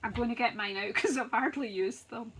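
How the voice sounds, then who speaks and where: A woman's voice: a little high, a little fast, noisy background. A woman hosting a live craft stream, chatting to viewers as she rattles off sale prices like an auctioneer. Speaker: craft demonstrator, host. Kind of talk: live-stream product walkthrough.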